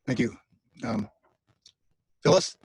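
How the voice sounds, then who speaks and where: A man giving an informal eulogy for his mother over a video call, halting, with many fillers and restarts. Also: darkish tone, low-quality recording. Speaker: son speaking at mother's online funeral.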